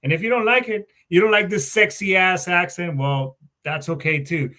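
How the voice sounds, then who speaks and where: Ex-marine guy hosting his podcast, cusses a lot, rambles, kinda high bright voice. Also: normal speed. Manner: rambling, profane, joking. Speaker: podcast host; Marine veteran. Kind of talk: casual podcast chat.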